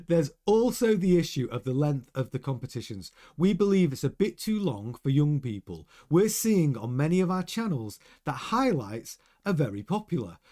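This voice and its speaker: Male F1 news host, casual and animated, slightly hoarse voice, lively pitch. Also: normal speed, few pauses. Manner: lively, chatty, reads quotes aloud. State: losing his voice, slightly hoarse.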